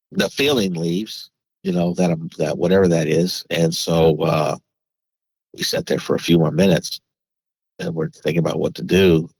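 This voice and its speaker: Low husky man telling a story. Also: no room sound, low-quality recording. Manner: rambling, many restarts and fillers. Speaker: podcast guest. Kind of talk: casual storytelling.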